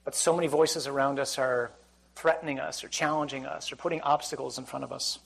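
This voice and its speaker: In a rough recording, a Catholic priest addresses a live audience in a church or hall, his mid-range voice gravelly and husky, fairly quick and fairly even in intonation. He keeps things conversational, tossing in jokes and frequently asking the crowd questions.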